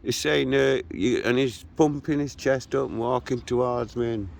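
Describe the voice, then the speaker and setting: Gravelly man in his sixties. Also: mid-range voice, normal speed, darkish tone. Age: 60s. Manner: blunt, combative retelling of a confrontation. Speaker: vlogger. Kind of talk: walkabout storytelling to camera. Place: outdoors, walking around a local park and shops.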